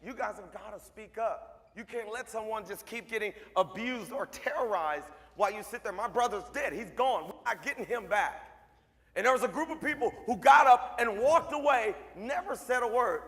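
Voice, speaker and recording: A man with a high-pitched voice speaks to a school crowd. He tells stories with emphasis and hammers his points through repetition. His voice rings out with a long reverb through a large hall. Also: normal speed, fairly bright tone. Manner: emphatic, storytelling, repeats for effect. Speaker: motivational speaker and mentor. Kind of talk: speech to a school assembly.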